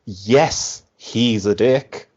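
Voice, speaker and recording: A man's voice: on the low side, drawn-out words. Chatty man, muffled podcast audio. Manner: animated, acts out quotes with "like". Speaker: podcast guest. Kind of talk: casual podcast chat.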